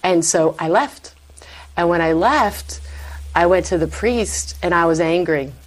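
A woman guest telling her faith story in a conversational interview, animated and acting out her own past remarks. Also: on the low side, a little slow, poor audio. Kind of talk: conversational personal testimony.

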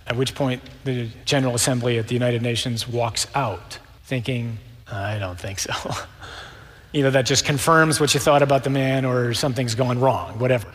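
A man preaching a sermon, lively and conversational, acting out the voices of the people in the scripture stories. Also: medium pitch, moderate pace, big-room sound.

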